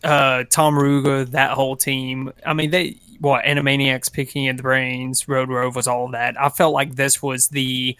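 A man guesting on a podcast, chatting in a relaxed, thoughtful way. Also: medium pitch, moderate pace, few pauses, clean tone, no room sound, clean studio sound. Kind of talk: casual chat.

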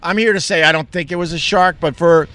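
A man's voice: a little high, steady tone, a little fast, sharp tone. A middle-aged man from Long Island talking candidly in a rambling, casual monologue, swearing freely. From Long Island, New York. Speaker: vlogger.

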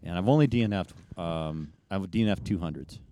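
A man's voice: deep voice, brisk, warm tone, slight background noise. A middle-aged man telling long anecdotes in a casual interview, rambling with many fillers and restarts. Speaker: guest ultrarunner.

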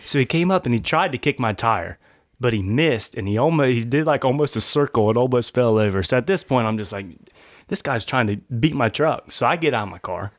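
A man's voice: medium pitch, lively intonation, fast talker, no echo, clean studio sound. A man of about thirty, a podcast host, telling a story casually and acting out the quotes, often laughing. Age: 30s.

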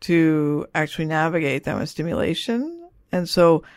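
A woman's voice: low-pitched, lively intonation, moderate pace, darkish tone, no room sound, studio quality. A middle-aged woman, an author and parent, talking casually in an interview with a rambling manner that keeps checking in with "you know" and "right?".

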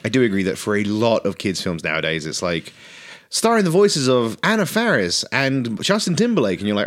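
A man's voice: on the low side, brisk. A man co-hosting a movie podcast in casual chat, joking and acting out quotes. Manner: animated, jokey, acts out quotes. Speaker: podcast co-host.

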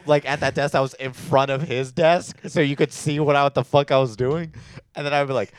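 A man's voice: medium pitch, steady tone, a little fast, clear, resonant tone, no room sound, clean studio sound. A young man, a podcast co-host, rambling and laughing through casual chat with lots of filler words. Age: young adult.

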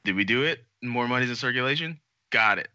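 A man co-hosting a podcast, talking in an animated, jokey way and swearing freely. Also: medium pitch, fast talker, no echo, muffled recording. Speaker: podcast co-host. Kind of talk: casual podcast chat.

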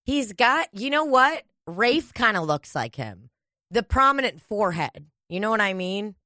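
A woman's voice: medium pitch, very animated, unhurried, bright, forceful tone, no room sound, studio quality. Crude, swearing woman on a podcast. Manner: crude, rambling, swears a lot. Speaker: podcast co-host. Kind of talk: casual podcast chat.

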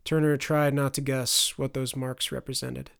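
Male narrator, fantasy audiobook, steady, expressive, middle pitch. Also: moderate pace, gravelly, clean tone, no echo, studio quality.

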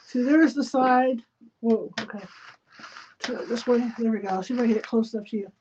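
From a spare bedroom at home, a woman hosts a livestream, muttering to herself as she narrates each step of her craft project in casual running commentary. Her voice is slightly high and a little mellow, her pace brisk, and the lo-fi sound is dull with faint noise.

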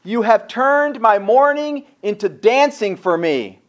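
A man's voice: high-pitched, animated, takes it slowly. A man preaching a sermon as pastor, driving his points home with repeated rhetorical questions and reading scripture aloud between his remarks.

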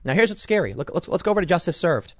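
A man's voice: high voice, sing-song, very fast, no room sound, clean studio sound. A man giving an opinionated political commentary monologue, combative and sarcastic, restarting his sentences as he argues.

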